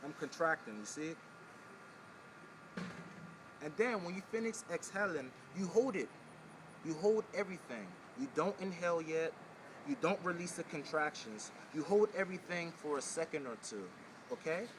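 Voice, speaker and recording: In a casual video, a spiritual wellness teacher walks the viewer through a breathing and pelvic floor exercise, addressing them directly and coaching with repeated instructions. His voice sits on the high side, expressive at a normal speed, with a noisy background.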